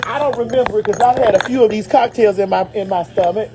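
A woman's voice: mid-range voice, quick pace, noisy background. Sassy Southern woman hyping a product. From Southern United States. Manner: flamboyant, sassy, calls viewers honey and baby. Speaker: brand ambassador and host. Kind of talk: promotional vlog. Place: out and about on city streets and in a liquor store.

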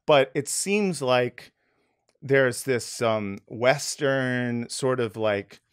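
A man's voice: mid-range voice, drawn-out words, clear, resonant tone. A man hosting a casual podcast interview over a remote call, talking in a rambling, hesitant way with many fillers and restarts. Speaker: podcast host.

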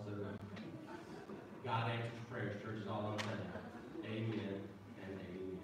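Folksy pastor in an echoey church. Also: male voice, on the low side, moderate pace, long pauses, noisy background. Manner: folksy, joking, calls out to the congregation. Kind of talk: sermon. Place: church sanctuary. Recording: echoey church hall, mic from a distance.

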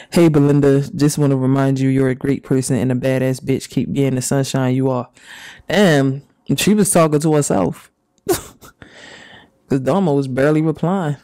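A man doing casual, profane reaction commentary and reading messages aloud, with drawn-out reactions. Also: medium pitch, steady tone, dark tone, dry recording. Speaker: commentary YouTuber.

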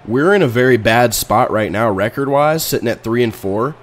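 A man casually commenting on his own video game match, excitable and swinging between low muttering and sudden loud outbursts. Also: normal speed. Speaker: video game player and channel host. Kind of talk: casual let's-play commentary.

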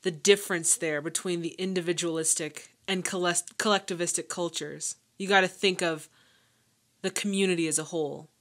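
A young woman hosting a casual movie reaction, gushing and excitable with slangy remarks. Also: fairly low pitch, moderate pace.

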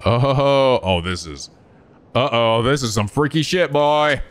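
A man hosting a let's play, reading the game text aloud and reacting with excitable commentary. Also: mid-range voice, slow, slight background noise.

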